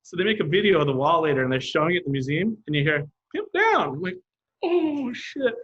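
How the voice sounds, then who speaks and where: A man with a husky, slightly rough voice, recounting stories in a loose, animated way. He slips into other people's voices when he quotes them. The audio is a little dull, like a modest podcast setup. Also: on the high side, racing. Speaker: graffiti artist guest. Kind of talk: casual storytelling.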